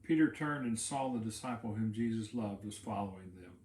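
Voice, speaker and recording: A man's voice: fairly low pitch, a little fast, darkish tone, slight background noise. A man, a pastor, giving a casual Bible teaching talk, explaining in a conversational way and repeating words while he thinks. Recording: roomy echo.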